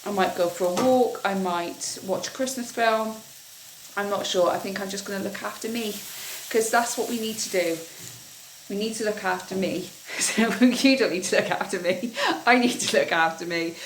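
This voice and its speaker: A woman's voice: mid-range voice, moderate pace, a little hiss or hum. A young adult woman, candidly chatting to camera in a casual vlog and often repeating herself. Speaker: vlogger.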